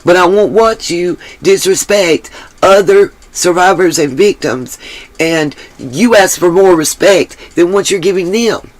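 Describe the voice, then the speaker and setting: A woman's voice: fairly low pitch, a little slow. Blunt, swearing woman streamer. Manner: blunt, emphatic, swears freely. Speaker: livestream host. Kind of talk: livestream commentary.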